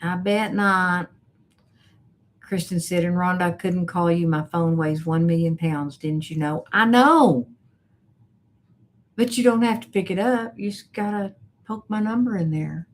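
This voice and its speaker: A woman hosting a casual live stream as a coach, reading viewer comments aloud in a chatty, unhurried way with soft laughs. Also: fairly low pitch, a little hiss or hum.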